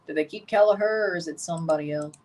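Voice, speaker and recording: Woman host, lowish voice, opinionated running match reactions, mic set back a bit. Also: quick pace, darkish tone, far from the mic. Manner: chatty, opinionated, reacts aloud to plays and rants. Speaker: livestream host. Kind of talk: live watchalong reaction commentary.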